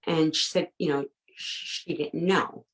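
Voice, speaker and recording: A woman with a low, deep voice recounts a painful personal story as a guest. She stumbles and repeats words, quoting the people she spoke with. The sound rings around an echoey room. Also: fairly even intonation. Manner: emotional, halting retelling with quoted dialogue.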